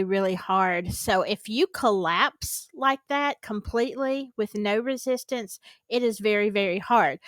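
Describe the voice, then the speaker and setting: A woman's voice: fairly high pitch, no room sound. Chatty Southern woman reacting to clips. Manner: chatty, animated, laughs often, repeats words. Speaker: reaction video host. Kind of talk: casual chat reacting to clips.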